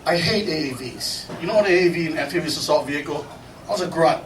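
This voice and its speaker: Fairly high in pitch and quick in pace, a middle-aged memorial speaker laughs his way through folksy stories and acts out other people's remarks in lively voices. The informal storytelling eulogy happens in a memorial gathering hall. It was recorded from a distance in an echoey, noisy room.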